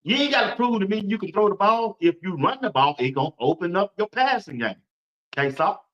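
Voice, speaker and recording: A man hosting a casual sports talk stream, animated, repeating his points and imitating crowd noises. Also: high voice, fairly quick. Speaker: sports talk show host. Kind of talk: casual sports commentary to viewers. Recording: dull lo-fi stream audio.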